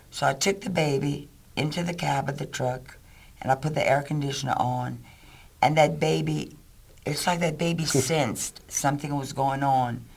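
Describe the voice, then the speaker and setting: A man's voice: a little high, moderate pace, gravelly. A man telling a rescue story in an interview. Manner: lively storyteller. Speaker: volunteer rescuer.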